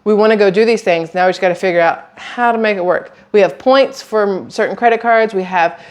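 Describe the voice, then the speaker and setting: Lady in her 30s rambling to camera, chatty and animated, medium-pitched voice. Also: a little fast. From southern United States. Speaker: vlogger. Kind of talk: casual chat to camera.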